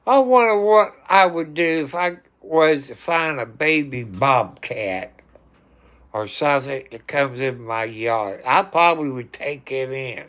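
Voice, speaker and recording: A man's voice: medium pitch, lively intonation, a little slow. A man chatting casually on a livestream and talking to his cats now and then. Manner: talks to his cats, sometimes scolding loudly. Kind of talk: casual chat.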